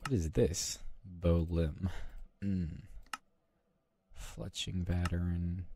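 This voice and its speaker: Low-voiced man muttering through gameplay. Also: steady tone, extremely slow, creaky, dark tone, slight background noise. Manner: muttering to himself, joking and self-mocking. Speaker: gaming channel host. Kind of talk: casual gameplay commentary.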